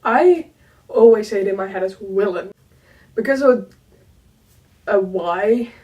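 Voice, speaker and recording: A woman's voice: medium pitch, unhurried, a little mellow, recorded from a distance, highs cut off. A young woman with a Dutch accent, chatting in a casual vlog, giggling and using lots of fillers. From Netherlands. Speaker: YouTuber.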